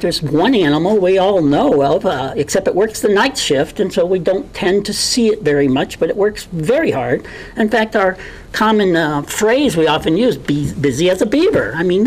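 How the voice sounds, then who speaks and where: A woman with an Idaho accent giving an earnest, impassioned candidate forum speech, halting at times with many fillers. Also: lowish voice, darkish tone, poor audio.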